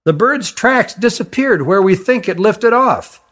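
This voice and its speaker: A man voicing a stern male stranger who rides a fox, speaking in a high voice with a measured, explanatory manner. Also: expressive, fairly bright tone, full character voice. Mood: explaining.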